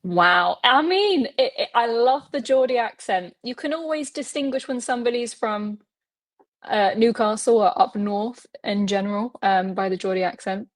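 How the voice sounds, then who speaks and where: A woman's voice: a little high, moderate pace. A woman guest on a podcast interview, talking in a friendly, casual way, laughing easily with hesitant fillers.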